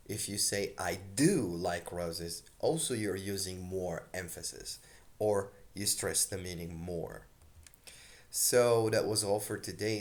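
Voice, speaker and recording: A man teaching an English grammar lesson, explaining slowly and deliberately with frequent fillers, a native Arabic speaker. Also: low-pitched.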